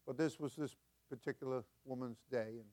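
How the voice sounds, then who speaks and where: An older man preaching as senior pastor, folksy and chuckling, building to loud emphatic peaks. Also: mid-range voice, fairly even intonation, normal speed. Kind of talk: sermon.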